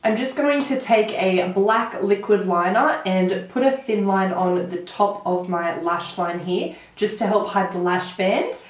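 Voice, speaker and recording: An Australian woman in her twenties speaks slightly slowly in a mid-range voice, hardly pausing, recorded on a roomy, distant mic. She's a beauty vlogger doing a chatty get-ready-with-me, telling animated stories while doing her makeup and saying "like" a lot.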